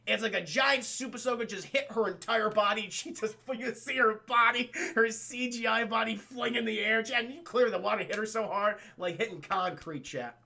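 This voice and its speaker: A man's voice: high voice, normal speed, vocal fry, hardly any pauses, pushed and bright. A young man doing a profane, rambling film review for his stream chat, often addressing chat directly. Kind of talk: casual spoken film review.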